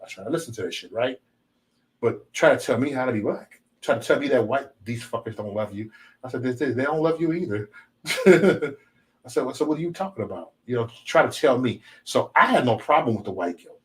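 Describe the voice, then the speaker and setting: A man hosting a casual livestream chat, talking in a profane, animated way and slipping into mocking impressions. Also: medium pitch. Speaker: channel host.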